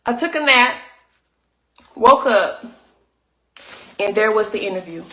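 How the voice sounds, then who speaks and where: A woman's voice: mid-range voice, expressive, a little slow, long pauses, fairly bright tone, echoey room. A woman speaking in an emotional, preachy way, repeating herself for emphasis. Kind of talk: emotional testimony.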